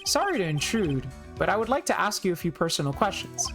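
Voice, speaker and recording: A woman's voice: lowish voice, big pitch swings, fast, creaky, a bit bright, faint music behind, exaggerated voice. A woman voicing a nervous young male defense lawyer who stammers when flustered.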